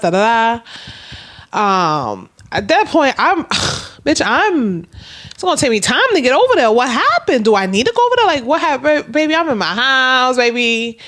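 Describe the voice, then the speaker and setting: A young woman, telling a story casually and animatedly, swearing and acting out quoted lines. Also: moderate pace. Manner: animated, swearing, acts out quoted dialogue with big pitch jumps. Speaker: storytime vlogger.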